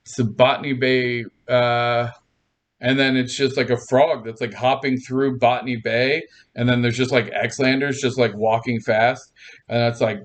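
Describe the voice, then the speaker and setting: A man hosting a casual livestream, chatting with viewers in a rambling, playful way, laughing often and restarting his sentences. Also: mid-range voice. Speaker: livestream host.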